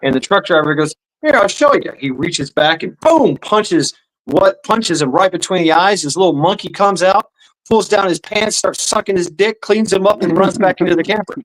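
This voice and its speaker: A man's voice: high voice, fairly quick, poor audio. A man hosting a live stream, telling crude jokes in a loose, profane way and laughing at his own punchlines. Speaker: streamer host.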